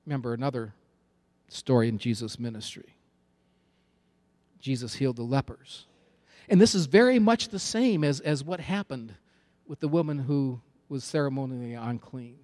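A man's voice: mid-range voice, moderate pace, pauses often, darkish tone. A man preaching a sermon with an emphatic, repetitive cadence.

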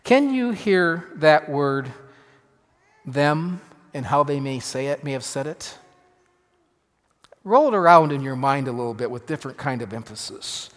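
A man, a pastor, preaching a sermon with emphatic swings between loud and hushed delivery. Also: mid-range voice, very animated, moderate pace. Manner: emphatic, dramatic shifts in loudness. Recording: long reverb of a large hall.

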